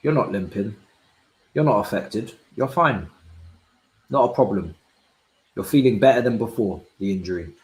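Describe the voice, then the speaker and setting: A young man reacting live to a football match, swinging from low muttering to loud shouts and using plenty of slang. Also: lively intonation, normal speed, long pauses, echoey room, rough recording. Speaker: football watch-along streamer. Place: indoor room at home.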